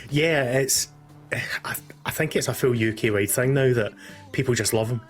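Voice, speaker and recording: A young Scottish man hosting a casual live-streamed football chat, enthusiastic and relaxed, with easy fillers. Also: medium pitch, normal speed, faint music behind. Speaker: host.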